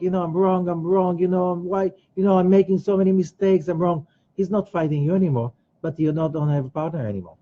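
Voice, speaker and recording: Husky man teaching emphatically. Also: on the high side, mellow. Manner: emphatic, repeats phrases, acts out quoted voices. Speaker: Kabbalah teacher. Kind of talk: teaching a weekly study class. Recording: dull lo-fi recording.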